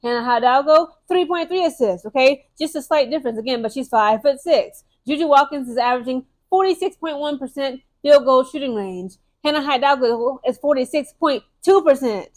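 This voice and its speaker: Brief: young woman, high voice, casual emphatic sports vlog talk, fast and chatty with restarts. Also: a little mellow. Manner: emphatic, keeps tagging lines with "okay?" and "guys". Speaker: sports commentary vlogger. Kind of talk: casual opinionated sports commentary.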